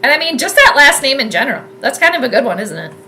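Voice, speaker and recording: Young woman, animated fan-commentator streaming from home, bright higher voice, loud reactions. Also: fast, slight background noise. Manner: animated, yells at plays, chatty with viewers. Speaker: sports commentator and astrologer streaming live. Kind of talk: casual live game commentary. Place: home room with space heater.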